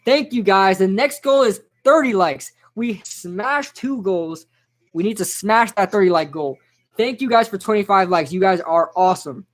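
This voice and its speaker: A young man casually reacting live to a football game, chatting with viewers and shouting out their names. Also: sits high, normal speed. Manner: excitable, chatty, reads out chat names. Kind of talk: casual live-stream commentary.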